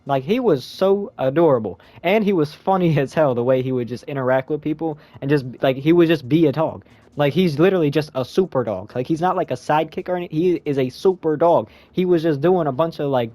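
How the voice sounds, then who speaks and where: A man's voice: brisk, warm tone, no room sound. A young man giving a rambling, slangy spoken movie review in a casual chat style. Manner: rambling, slangy, jumps into high squeaky voice when quoting himself.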